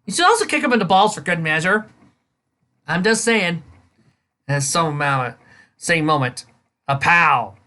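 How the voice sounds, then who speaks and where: Animated woman reading and mocking fanfiction. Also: fairly low pitch, measured pace, long pauses. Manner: incredulous, sarcastic, breaks into laughter. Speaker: fanfiction reader and reviewer. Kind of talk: dramatic reading with sarcastic commentary.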